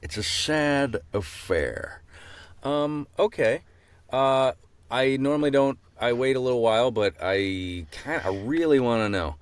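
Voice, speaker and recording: A man's voice: medium pitch, moderate pace, clear, resonant tone, dry recording. A man co-hosting a podcast in casual chat, playful and teasing, laughing often. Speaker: podcast co-host.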